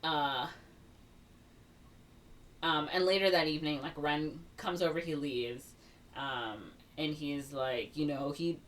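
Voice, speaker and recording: A woman's voice: deep voice, slow pace, pauses often, recorded from a distance. A woman co-hosting a podcast, retelling a movie in a casual chat, heavy on filler words and acting out the characters' lines. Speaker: podcast co-host.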